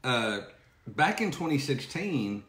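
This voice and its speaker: A man's voice: medium pitch, sing-song, slow pace. A man co-hosting a casual live chat, reading listener messages in a hesitant, sheepish way with lots of fillers. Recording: echoey room with faint noise.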